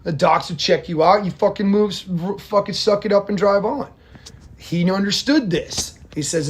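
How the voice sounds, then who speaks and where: A man's voice: high-pitched, moderate pace, a little hiss or hum. A man who served in the army, telling a war story in a blunt, rambling monologue full of swearing. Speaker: army veteran vlogger.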